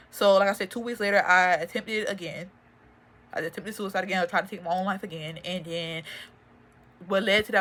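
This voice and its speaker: Give me an emotional young woman with a slightly low voice, giving an earnest, halting personal testimony. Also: fairly bright tone. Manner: earnest, halting, many fillers and restarts. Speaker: faith and motivation vlogger.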